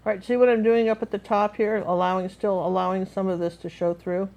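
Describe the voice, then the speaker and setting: A woman's voice: mid-range voice, flat delivery, fairly quick, a little mellow, low-quality recording. A woman teaching a live painting class, telling stories in a rambling way with many fillers and restarts.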